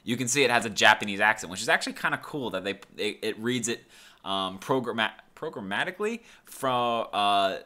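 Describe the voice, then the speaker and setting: A man narrating a casual software tutorial over his screen. His voice sits low but sounds bright and forward. He rambles easily and fills the gaps with ums. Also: animated, brisk. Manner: laid-back, rambling with fillers. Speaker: tutorial host.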